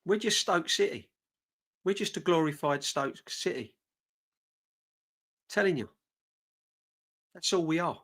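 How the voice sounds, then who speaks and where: A man's voice: fairly high pitch, lively intonation, measured pace, long pauses, a bit bright. A man hosting a fan channel live stream, ranting with passion and repeating himself. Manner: passionate, fuming, repetitive.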